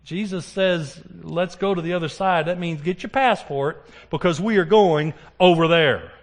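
A man's voice: a little high, normal speed. A man preaching a sermon. He keeps putting questions to the congregation and answering them himself. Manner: animated, asks the congregation questions.

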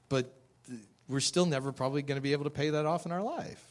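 A man sharing a personal testimony in a conversational storytelling style, self-deprecating and quick to laugh. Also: mid-range voice.

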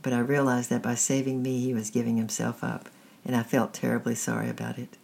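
A woman hosting a story-time reading, narrating a chapter book in a steady, measured way. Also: a bass voice, creaky.

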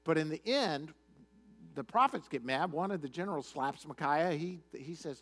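A male pastor preaching a sermon in a chatty, conversational storytelling manner. His voice sits high for a man, and his intonation swings widely and with energy. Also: lively intonation, normal speed, a bit bright.

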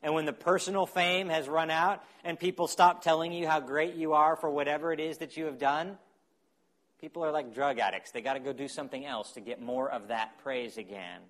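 A man preaching a sermon as pastor, animated, acting out quotes and dropping to quiet asides. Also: fairly high pitch, brisk.

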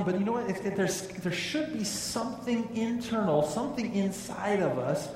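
A man's voice: sits high, normal speed, a little mellow, slight background noise. A male pastor preaching a sermon, emphatic and conversational, often asking the congregation questions. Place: church sanctuary. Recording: echoey hall, voice from far off.

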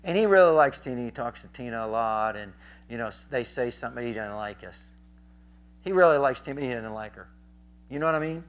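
A man's voice: mid-range voice, brisk. A man preaching a sermon, telling stories in a rambling conversational way with many fillers and acting out the people in them. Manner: animated, acts out the people in his stories. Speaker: street preacher. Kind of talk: sermon with storytelling.

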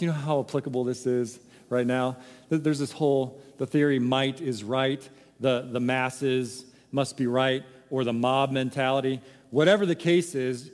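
A man's voice: fairly high pitch, darkish tone, in a large hall. A man preaching a sermon, emphatic and full of rhetorical questions. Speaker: pastor.

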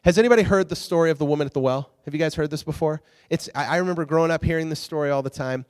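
A man casually teaching a Bible story as a preacher, animated and chatty, often restarting and checking in with his listeners. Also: on the high side, racing. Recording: long reverb in a large hall.

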